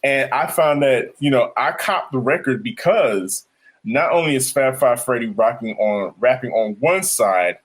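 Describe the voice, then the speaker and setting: A man's voice: mid-range voice, unhurried, breathy edge. A man, a DJ co-hosting a podcast, telling stories about records in a laid-back, casual chat. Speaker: podcast co-host, DJ.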